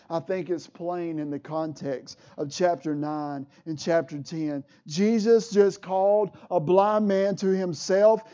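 A man with a high, mellow voice preaches a sermon at an unhurried pace, his delivery rising in emotional swells. The recording sounds dull and lo-fi. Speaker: pastor.

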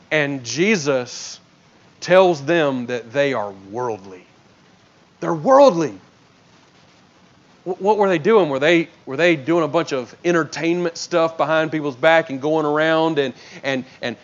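A man preaching an expository sermon, swinging between loud emphatic bursts and soft low drops, often stammering and restarting. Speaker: pastor.

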